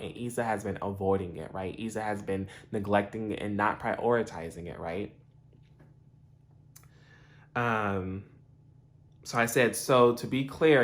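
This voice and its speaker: A young man casually recapping a TV episode, animated and laughing, acting out the characters' lines. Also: fairly low pitch. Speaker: TV episode reviewer.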